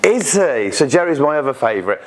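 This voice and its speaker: A British man talks to a room of investors in a loose, chatty way, tossing in asides and little acted-out quotes. His voice sits at a middling pitch for a man. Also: sing-song, fairly quick. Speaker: speaker at an investor networking event. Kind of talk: informal presentation with anecdotes.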